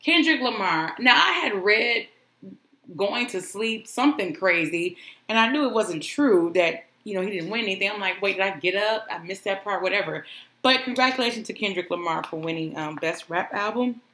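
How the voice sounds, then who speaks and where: A woman's voice: medium pitch, normal speed, sharp tone, echoey room. A woman hosting a solo podcast, chatting in a gushing, rambling way. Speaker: podcast host.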